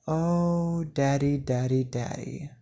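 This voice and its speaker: Brief: man playing a cruel young woman, hushed and cooing, gravelly flat delivery. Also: a little high, takes it slowly. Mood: soothing, sadistic. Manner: soft, cooing, eerily soothing. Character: sadistic young woman avenger, calm and cruel.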